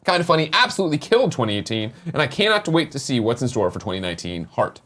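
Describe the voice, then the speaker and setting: Man, 30s, co-host, lively pitch, joking, swears casually, reading tips. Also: quick pace. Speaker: podcast co-host. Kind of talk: reading viewer tips aloud on a live morning show.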